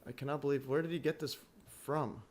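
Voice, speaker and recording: A man hosting a livestream in casual chat, halting and full of restarts, chuckling often as he talks. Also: medium pitch, fairly even intonation. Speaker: livestream host.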